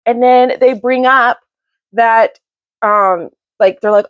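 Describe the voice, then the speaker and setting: A woman in her thirties, a mother and book vlogger, chatting casually at home on the couch and retelling a story in a rambling, animated way. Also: on the high side, slow pace, no room sound. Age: 30s. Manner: animated, rambling storyteller who acts out quotes. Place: home, sitting on a couch beside her sleeping son. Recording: dull, dry home recording.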